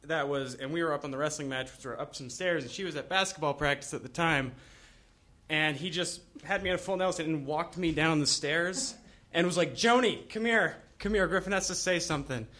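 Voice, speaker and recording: A young man with a fairly high, bright, forward voice tells a personal story. He rambles a bit and sounds sheepish, breaking into nervous little laughs. The telling is candid and comic. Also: steady tone, a little fast.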